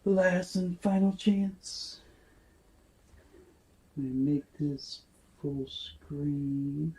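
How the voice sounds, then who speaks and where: A man running a live-stream giveaway in casual chat, murmuring asides and breaking into bursts of excitement at results. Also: on the high side, very slow, slight background noise.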